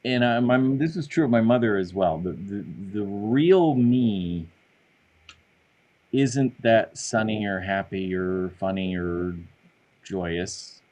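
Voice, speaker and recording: A middle-aged man, a podcast guest, talking in a lively, self-deprecating way about his life. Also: on the low side, takes it slowly, low-quality recording. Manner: animated, self-deprecating storyteller. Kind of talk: casual conversation.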